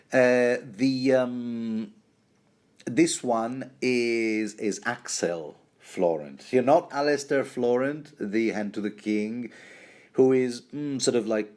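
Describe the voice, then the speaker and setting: A man hosting a rambling book commentary in a fairly low voice, talking slowly and unhurriedly. He jokes his way along, stumbling and restarting his sentences. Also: a little mellow.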